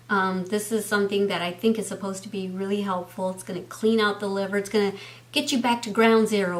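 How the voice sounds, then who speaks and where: A woman, chatting heartfelt to camera at home with frequent "um" fillers. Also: mid-range voice. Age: 50s. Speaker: beauty and health vlogger. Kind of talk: casual chat to camera.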